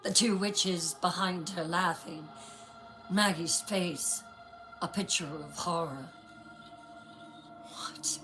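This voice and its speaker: A woman narrating a horror story in a slow, dramatic scripted style. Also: lowish voice, music in the background, low-quality recording.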